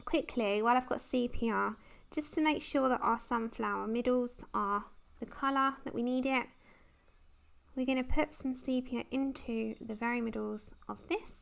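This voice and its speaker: A woman's voice: fairly high pitch, vocal fry. A woman hosting a casual colouring livestream, chatting and giggling as she reads the chat. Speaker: livestream host.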